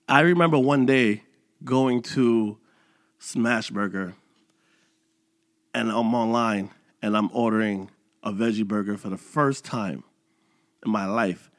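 A man's voice: mid-range voice, no echo, clean studio sound. A man in his thirties hosting a motivational podcast, talking casually and acting out his own inner voice. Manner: animated, conversational, dramatizes his inner voice. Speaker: podcast host. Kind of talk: motivational monologue.

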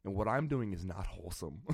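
A man's voice: low voice, expressive, moderate pace, slightly rough, no echo, studio quality. A young man co-hosting a casual comedy chat, playful and theatrical, laughing often. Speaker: podcast co-host.

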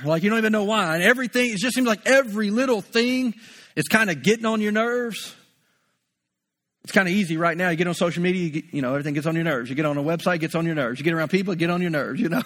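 A man's voice: sits high, fast, a bit bright. A male pastor preaching a conversational sermon, often repeating words as he builds a point.

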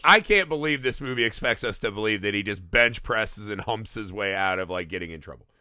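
A man's voice: on the low side, lively intonation, brisk, bright, forceful tone, dry recording. A man co-hosting a casual comedy podcast about a movie, riffing and swearing freely as he mocks the plot. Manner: profane, riffing, does mocking quoted voices. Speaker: podcast co-host.

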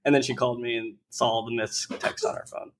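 A man's voice: medium pitch, steady tone, fast. A man telling stories in a casual chat, loose and full of "like" fillers, candid and sometimes profane. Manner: loose, filler-heavy storytelling with frequent "like"; candid and profane when exasperated.

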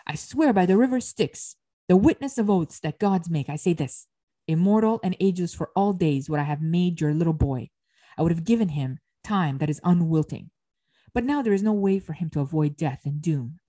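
A woman's voice: low-pitched, moderate pace, dark tone. A woman voicing an angry, proud harvest goddess who scolds and makes solemn proclamations, read aloud within a lecture. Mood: stern. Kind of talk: dramatic reading within a lecture.

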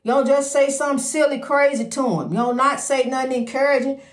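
A woman giving a slow, repetitive, faith-filled personal monologue, often calling the listener "honey" and lifting into a sing-song lilt. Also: high voice. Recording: echoey room.

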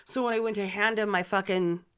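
Woman cohost rambling thru a story, swears a ton, casual chat, middle pitch. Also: steady tone, a little fast, fairly bright tone, clear, resonant tone. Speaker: podcast co-host.

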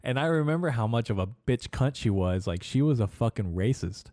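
A man's voice: mid-range voice, lively intonation, fairly quick, mellow, dry recording, clean studio sound. A young man hosting his own podcast, rambling crudely and profanely through a casual solo monologue and laughing at his own jokes. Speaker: podcast host.

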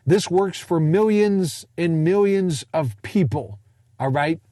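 A man's voice: sits high, slow, warm tone. A man in his forties giving a casual monologue, rambling with jokey, self-deprecating asides. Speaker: speaker sharing a personal finance story.

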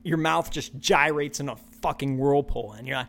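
A man's voice: medium pitch, moderate pace, creaky, hardly any pauses, fairly bright tone, slight background noise. A man hosting a solo podcast, ranting with profanity and repeating his lines for emphasis. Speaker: podcast host.

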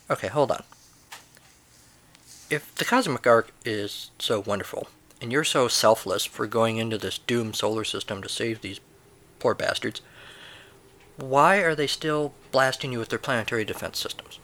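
Bright-voiced man with wry asides. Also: medium pitch, normal speed. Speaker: retro game reviewer. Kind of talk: reading a game manual aloud with commentary.

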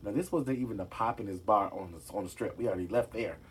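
A man's voice: on the low side, quick pace, slight background noise. A man chatting casually to his viewers about celebrity gossip, sassy and direct, often calling them "y'all". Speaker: gossip vlogger.

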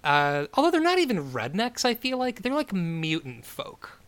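A man in casual chat, recapping a show with a bright, animated voice that swings up and down. He fills his talk with "you know" and "like", swears freely, and slips into quick character voices. The pitch sits a bit high for a man. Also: clear, resonant tone. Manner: animated, swears, many fillers, acts out quoted characters. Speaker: podcast co-host.

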